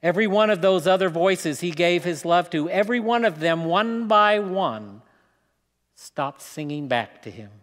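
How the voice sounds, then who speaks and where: Man, preacher, slow dramatic storytelling, high voice, long church reverb. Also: lively intonation, fairly bright tone. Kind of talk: sermon storytelling. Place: church hall.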